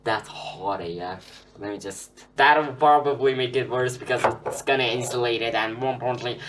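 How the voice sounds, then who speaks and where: A man's voice: medium pitch, steady tone, fairly quick. A young man rambling through an unscripted phone review, with many fillers and restarts. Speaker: tech reviewer. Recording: slightly distant with faint hum.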